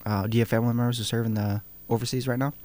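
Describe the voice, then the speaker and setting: A man's voice: medium pitch, flat delivery, rapid-fire, a little mellow. A man hosting a casual news show, reading stories aloud with fillers and restarts.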